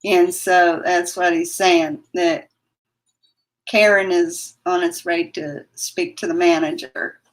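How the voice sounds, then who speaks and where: Slow-talking woman chatting on a livestream. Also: on the low side, level tone, rough recording. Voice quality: trouble with W sounds. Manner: chatty, talks to her dog in baby talk. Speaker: vlogger reading live chat. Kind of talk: casual livestream chat.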